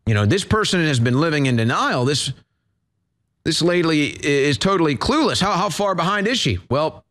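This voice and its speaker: A man hosting a commentary show, ranting and mocking as his voice rises in heated bursts. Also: on the high side. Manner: ranting, mocking, rising to shouts. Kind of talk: political commentary rant.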